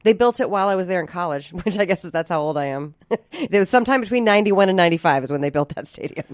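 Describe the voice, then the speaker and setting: A woman in her forties chatting casually as a podcast guest, animated and quick to laugh. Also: fairly low pitch, no room sound, studio quality. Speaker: guest, voice actor and comic.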